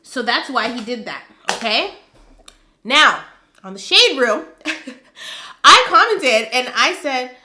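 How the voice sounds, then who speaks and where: A sassy woman delivers celebrity gossip commentary with a bright, forceful, fairly high voice. She is emphatic and animated, clinching each point with a pointed "okay?". The sound bounces around an echoey room. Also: slow, long pauses. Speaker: commentary channel host.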